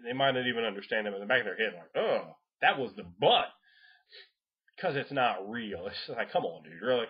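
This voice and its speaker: Rambling, profane man with a husky voice. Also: on the low side, fast. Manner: rambling, profane, laughs often, acts out players in voices. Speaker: game master giving tips. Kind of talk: casual advice monologue. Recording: dull lo-fi home recording.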